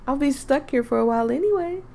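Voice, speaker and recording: Woman voicing a teasing young woman, giggly, playful, gravelly edge, dating game character. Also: high-pitched, a little mellow, a little hiss or hum, voice pushed up, exaggerated voice.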